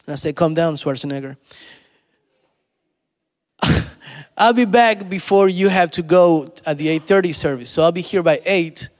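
A male pastor preaching a sermon, moving between soft storytelling asides and loud, rising exhortation. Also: fairly high pitch, normal speed, pauses often, in a large hall. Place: church sanctuary.

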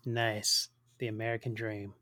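A man's voice: fairly low pitch, flat delivery, unhurried, bright, forceful tone, no room sound, clean studio sound. A man co-hosting a podcast, reacting with short quips and frequent laughter. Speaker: podcast co-host. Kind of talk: casual chat, reacting.

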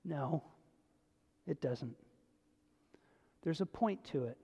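A pastor preaching a sermon in a conversational way, swinging between emphatic stretches and hushed, low passages. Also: lively intonation, slow pace, husky, muffled recording. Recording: long hall reverb.

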